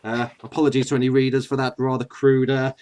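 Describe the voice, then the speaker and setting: A man's voice: medium pitch, little pitch movement, fast talker, darkish tone. A man hosting a casual comedic chat, chatty and giggly, often apologetic. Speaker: host.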